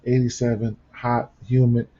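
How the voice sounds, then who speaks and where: Man, sleepy, rambling with fillers, dark low voice, dull lo-fi mic. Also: little pitch movement, moderate pace. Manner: rambling, many fillers and restarts. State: sleepy, yawning early in the morning. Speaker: sports betting host. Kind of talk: casual betting picks rundown.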